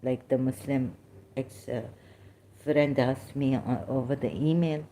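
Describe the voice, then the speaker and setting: A middle-aged woman with a low, mellow voice talks through religious questions off the cuff. She wanders from point to point, stopping on "uh" and restarting her sentences. It comes across as unscripted commentary. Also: steady tone, a little slow, slight background noise. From Pakistan. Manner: rambling and hesitant, with frequent fillers and restarts.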